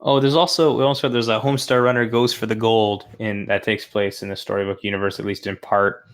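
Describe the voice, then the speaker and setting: A man's voice: lowish voice, fairly even intonation, fairly quick. A man co-hosting a podcast in casual chat, rambling with many fillers, laughing often. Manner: rambling, laughs often, quotes cartoon lines in put-on voices. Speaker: podcast co-host.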